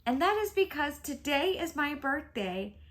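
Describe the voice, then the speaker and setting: A chatty, excitable woman in her fifties, vlogging casually to camera about beauty at home and laughing often. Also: high voice, a little slow. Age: 50s.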